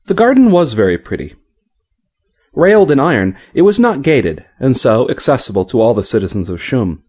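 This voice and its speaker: Brief: male audiobook narrator, expressive, animated pitch, mid register. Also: moderate pace, breathy edge. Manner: expressive storytelling reading.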